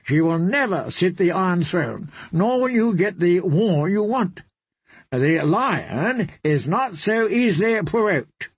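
A man's voice: sits high, very animated, slow pace, husky, no echo, voice pushed up, full character voice. A man reading an audiobook, voicing an arrogant, mocking young knight with a sardonic drawl.

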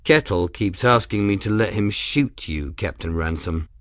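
A man's voice: deep voice, animated, unhurried, dry recording, clean studio sound. A man voicing a surly, snarling male ship's officer in an audiobook, talking through gritted anger. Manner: snarling, sullen.

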